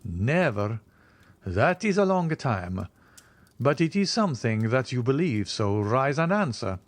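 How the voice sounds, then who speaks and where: A man voicing a cool, commanding aristocratic nobleman in an audiobook reading, speaking in a calm, measured, authoritative way. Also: mid-range voice, no room sound. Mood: composed.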